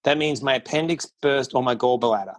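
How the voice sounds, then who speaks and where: A man's voice: medium pitch, fairly quick. A middle-aged man, a podcast guest, tells a personal story candidly and bluntly, acting out quotes as he goes. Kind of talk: casual storytelling interview.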